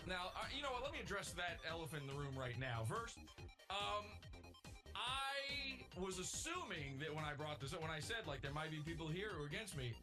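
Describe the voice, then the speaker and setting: A man chatting on a podcast in a confident, lecturing way, laying out his points deliberately. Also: a little high, very animated, bright, forceful tone, faint music behind. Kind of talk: casual podcast chat.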